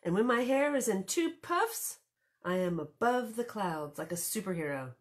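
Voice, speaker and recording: A woman librarian reading a picture book aloud to children, expressive and storytelling, with chatty asides. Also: medium pitch, moderate pace.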